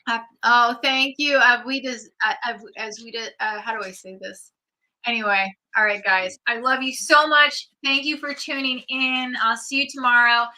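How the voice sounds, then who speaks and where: Bright-voiced chatty woman streaming live. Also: a little high, fairly even intonation, moderate pace, rough recording. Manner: chatty, reads out viewer comments and answers them; giggly, rambling with many likes. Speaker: streamer hosting a live chat. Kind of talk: casual livestream chat.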